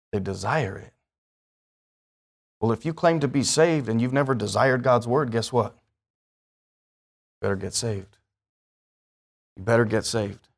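A man with a mid-range voice preaches a sermon conversationally, building up to emphatic bursts and posing questions to his listeners.

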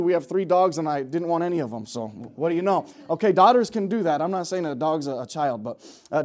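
In this sermon, a middle-aged man moves back and forth between loud, urgent calls to his congregation and soft, joking asides.

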